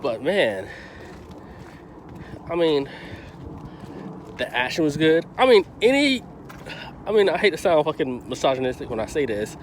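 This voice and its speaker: A man rants through a casual movie review, swearing constantly and rambling between thoughts. His voice sits a little high for a man, with faint street and traffic noise around him outdoors. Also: sing-song, measured pace, pauses often. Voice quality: profane, heated, rambling.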